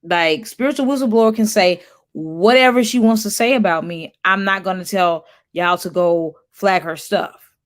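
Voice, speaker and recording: A woman's voice: mid-range voice, moderate pace. A woman hosting a casual livestream, chatting loosely and reading viewer comments aloud as she talks back to them. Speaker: livestream host.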